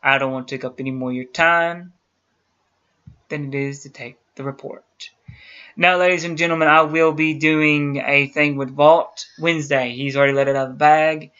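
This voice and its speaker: A man's voice: on the high side, flat delivery, moderate pace, bright, forceful tone, clear, resonant tone. A man hosting a YouTube channel, talking earnestly and directly to his viewers in a casual chat. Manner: earnest, talks straight to viewers. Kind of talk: casual talk to camera. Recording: dull lo-fi sound.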